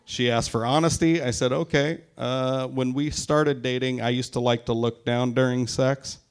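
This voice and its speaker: Forties stand-up comic from Tacoma, foul-mouthed and self-mocking, average pitch, live set. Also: male voice, steady tone, moderate pace, clean tone. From Tacoma, Washington, US. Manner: crude, self-mocking, swears a lot. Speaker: stand-up comedian. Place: live show at a brewery.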